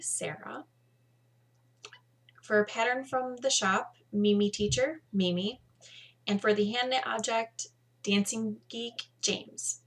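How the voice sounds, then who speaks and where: A woman, hosting a casual video podcast at home, chatty and tired with bursts of excitement. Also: fairly high pitch. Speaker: podcast host.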